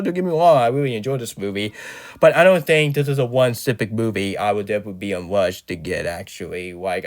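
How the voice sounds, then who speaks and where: A man's voice: on the low side, darkish tone. A man with a sick voice giving a rambling, casual movie review as host of his channel, often correcting himself and ranting in exasperation.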